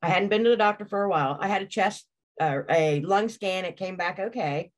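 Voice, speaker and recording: A woman's voice: medium pitch, brisk. A woman speaking as a client in a reading session, answering in a plain, hesitant way. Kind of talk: casual conversation.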